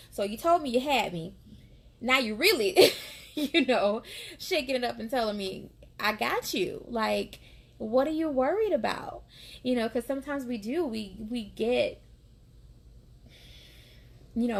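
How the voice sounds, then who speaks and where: A woman's voice: fairly high pitch, gravelly. A young adult woman, a nurse, talking casually and from the heart about faith and her work, with frequent fillers and laughs. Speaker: nurse and vlogger. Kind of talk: casual faith-sharing chat.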